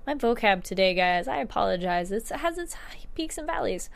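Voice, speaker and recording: A young woman recapping a TV episode in a chatty, animated way, tripping over words and correcting herself. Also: high voice, moderate pace, creaky, clear, resonant tone. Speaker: TV show reviewer. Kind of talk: casual recap vlog.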